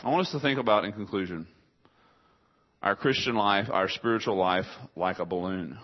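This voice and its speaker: A man's voice: lowish voice, moderate pace, highs cut off. A man pastor preaching a conversational sermon, asking rhetorical questions and voicing his listeners' objections.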